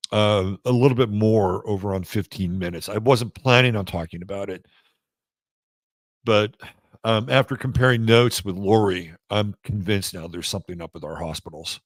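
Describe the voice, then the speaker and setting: A man hosting an astrology show, talking casually in a halting way with many fillers and restarts. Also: fairly low pitch, no room sound. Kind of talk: casual spoken monologue.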